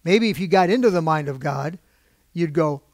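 A man's voice: on the high side, lively intonation, normal speed, a little mellow, no echo, studio quality. A man preaching a sermon from a church pulpit, talking conversationally with his congregation, asking them questions and getting emotionally worked up. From United States. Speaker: pastor.

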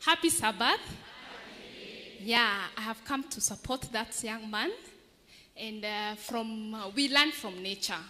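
A woman tells a children's story in a lively way, stopping to ask the children questions. Her voice is high and bright. A long church reverb trails after each phrase. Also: takes it slowly, long pauses. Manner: animated, asks the children questions. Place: large church. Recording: echoey church hall.

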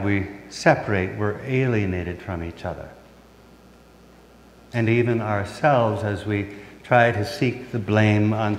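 A man's voice: on the low side, slight background noise. A middle-aged man preaching a sermon as pastor, putting questions to the congregation and answering them himself. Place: church sanctuary. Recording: reverberant church hall.

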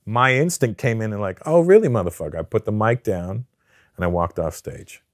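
A man who grew up in Canada talks as a comedian guest in a sit-down interview. His voice sits a little low and he tells his stories with plenty of cursing, acting out the people in them. The sound is dry and close to the mic. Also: moderate pace, dry recording. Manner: profane, animated storyteller who acts out the people in his story. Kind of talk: casual storytelling interview.

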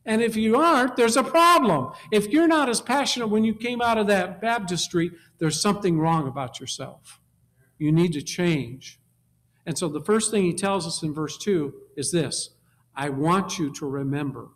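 A man preaching a sermon, emphatic, repeating key words and swinging from quiet low passages to loud exhortation. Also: normal speed.

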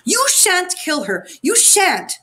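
A woman voicing a wild, spoiled little robber girl who talks in a shrill, bossy way. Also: expressive, moderate pace, pushed and bright. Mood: demanding.

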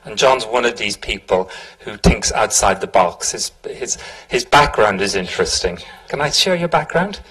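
Guy introducing a speaker, husky, chatty with lots of ums. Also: on the low side, expressive, moderate pace, few pauses, pushed and bright, low-quality recording. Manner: chatty, informal, with fillers. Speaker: event host. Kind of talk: event introduction.

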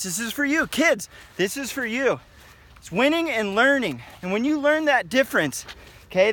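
Man, wrestling coach, motivational pep talk, high voice, outdoors in the mountains, emphatic and repetitive. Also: pushed and bright. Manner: emphatic, repetitive, tags lines with "okay?".

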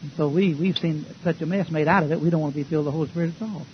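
A man's voice: on the high side, fairly even intonation, racing. Preacher man, punchy and folksy, old dull tape with a little hiss. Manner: folksy, emphatic preaching with rhetorical questions. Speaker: pastor. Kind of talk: sermon. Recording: dull lo-fi recording with faint hiss.

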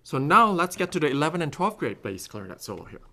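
A man's voice: fairly high pitch, big pitch swings, fast, pushed and bright. A man teaching clarinet in a masterclass, explaining phrasing step by step and singing passages on scat syllables. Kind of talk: recorded masterclass instruction.

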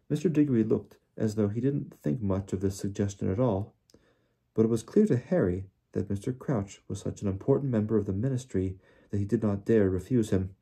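A man reading a novel aloud in even, unhurried narration. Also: on the low side, gravelly, husky. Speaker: audiobook reader.

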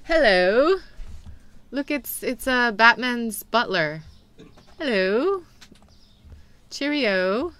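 A woman's voice: on the high side, big pitch swings, extremely slow, pauses often, fairly bright tone, smooth, voice pushed up, full character voice. A woman putting on a chirpy posh British shopkeeper. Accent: put-on British. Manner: chirpy, exaggerated greetings. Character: cheery posh British shopkeeper greeting customers.

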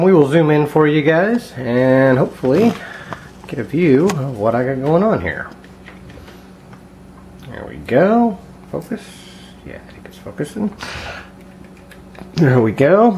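A man casually talking viewers through picking a lock at his home workbench, thinking aloud with frequent ums and quiet mutters. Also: medium pitch, a little hiss or hum. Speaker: lockpicking hobbyist. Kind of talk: casual hands-on demonstration vlog.

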